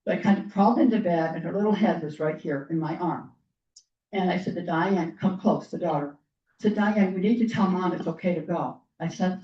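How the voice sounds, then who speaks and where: A woman guest speaker telling personal stories to a group, earnest and clearing her throat often as her voice gives out. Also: lowish voice, brisk, mellow. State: losing her voice. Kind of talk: personal storytelling talk. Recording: roomy, distant, dull lo-fi sound.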